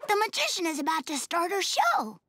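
A woman's voice: extremely high pitch, big pitch swings, brisk, background noise. An eager little cartoon boy. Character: young boy at his birthday party.

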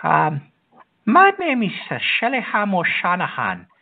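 A husky, mock-polite prank caller rambles in a lively, sing-song voice, as a man acts it out. The sound comes through thin and tinny, as if over a phone. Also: high-pitched, unhurried, exaggerated voice. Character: lewd, folksy prank caller.

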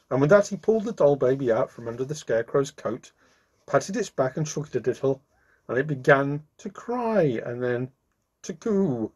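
Expressive man reading a story. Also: mid-range voice, moderate pace, slightly rough. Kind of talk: reading a children's story aloud.

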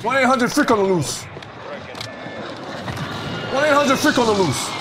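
This streamer's voice is very high and animated, though his pace is a little slow. He taunts loudly while playing, trash-talking in swaggering slang, and noise sits behind the gameplay audio.

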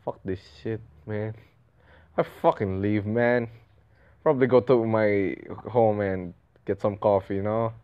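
A young man commentating a horror game, reacting loudly with swearing and laughter. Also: on the low side, steady tone, unhurried, clear, resonant tone, lo-fi sound. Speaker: gaming channel host.

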